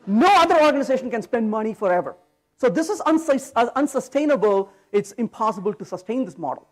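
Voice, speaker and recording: A man's voice: very high voice, fast talker. A man giving a conference talk, telling jokes and throwing rhetorical questions at the audience. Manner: animated, joking storyteller. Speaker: conference speaker. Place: conference hall stage.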